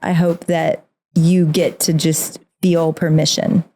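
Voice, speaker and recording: A woman's voice: sits low, flat delivery, takes it slowly, mellow, slight background noise. A woman guest on a faith podcast, talking earnestly and reading scripture aloud with feeling. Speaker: guest author. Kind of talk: casual faith conversation.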